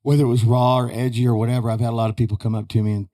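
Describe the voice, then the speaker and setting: A man's voice: mid-range voice, level tone, racing, mellow. A man telling rambling, folksy stories as a guest in a studio. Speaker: podcast guest, retired rodeo roper. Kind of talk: casual chat.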